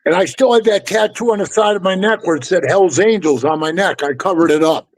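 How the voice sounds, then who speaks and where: Middle-aged ex-biker guy, kinda high voice, swears a lot, says bro every other line, just chatting. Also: brisk, poor audio. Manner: blunt, profane, keeps saying "bro". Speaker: former motorcycle club member telling stories. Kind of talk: casual storytelling chat.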